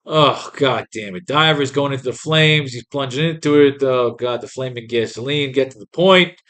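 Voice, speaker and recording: A man's voice: medium pitch, normal speed, fairly bright tone. A man hosting a writing class, reading comics aloud and ranting at them with crude, exasperated commentary. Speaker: host.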